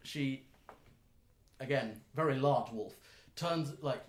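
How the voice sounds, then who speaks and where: A man running a tabletop game as game master, narrating with many fillers and pauses. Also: mid-range voice. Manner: rambling with fillers, puts on gruff voices. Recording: roomy echo.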